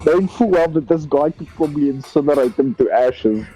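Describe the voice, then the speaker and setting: A man's voice: fairly high pitch, expressive, brisk, warm tone, breathy edge, faint music behind, rough recording. A man with a South African accent, casually describing his character's moves in a tabletop game, hesitant with fillers. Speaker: player. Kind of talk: tabletop role-play chat.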